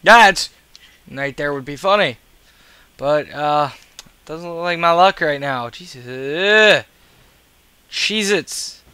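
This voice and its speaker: A man's voice: fairly high pitch, unhurried, pushed and bright, smooth, no echo. A tired man, grumbling and swearing through casual gameplay commentary. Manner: profane, grumbling, sarcastic. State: tired and yawning. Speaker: gaming video creator.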